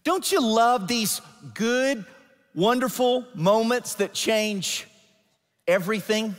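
A male pastor telling a story in a sermon, animated and building to emphatic peaks. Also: sits high, slow. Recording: long church hall reverb.

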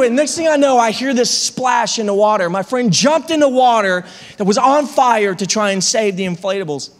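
A male pastor with a high voice tells a funny story from the pulpit in an animated way, tripping over repeated words. A long reverb rings through the church sanctuary behind him. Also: normal speed. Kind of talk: storytelling sermon.

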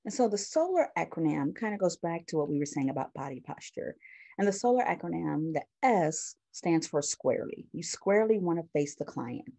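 A woman's voice: deep voice, sing-song, brisk, vocal fry, mellow. A woman, a counseling professor, giving a recorded university lecture in a conversational way, often correcting herself and showing items to the camera. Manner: conversational, frequent fillers and self-corrections; shows items to the camera while teaching.

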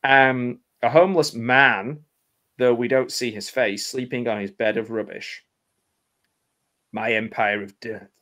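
A man's voice: medium pitch, fairly even intonation, measured pace, a bit bright. A British man hosting a comedic read-through of an old horror script, breaking off for sardonic, laughing asides and frequent swearing. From United Kingdom. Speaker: podcast host reading a script.

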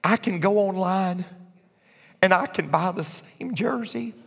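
A man preaching a sermon as pastor, swinging from hushed whispers to shouts. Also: high-pitched, a little slow, gravelly, slightly rough. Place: large church sanctuary. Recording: long church hall reverb.

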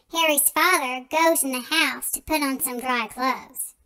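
A woman reading a picture book aloud for story time in a slow, expressive, sing-song way. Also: high-pitched, rough recording.

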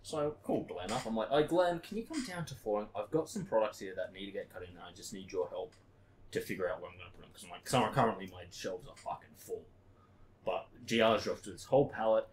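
A man's voice: lowish voice, fast talker. A man, a podcast co-host telling work stories in casual chat, swearing a lot and acting out what others said. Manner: swears a lot, acts out his old workmates in quotes.

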